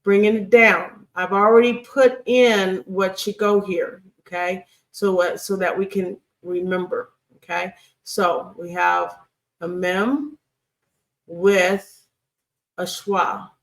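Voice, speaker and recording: A woman teaches a grammar lesson over slides at an unhurried pace. Her voice has a gravelly fry to it. She sounds set back from the microphone, and she patiently repeats herself with plenty of fillers. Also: mid-range voice, steady tone, far from the mic. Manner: patient, repeats key points, many fillers and checks like "okay?". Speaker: Hebrew teacher. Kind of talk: recorded video lecture over slides.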